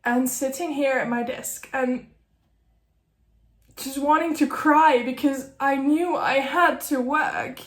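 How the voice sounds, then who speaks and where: A woman in her late thirties, an author giving a candid personal update to camera, halting and apologetic, often breaking off mid-sentence and laughing through tears. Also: high-pitched, reverberant. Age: late 30s. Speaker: author vlogger. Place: at her desk, in a roomy room.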